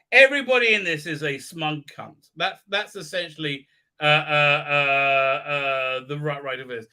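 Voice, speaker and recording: A man's voice: a little high, bright, forceful tone. A man hosting a live stream, recapping an episode in a sarcastic, profane way with many hesitant fillers.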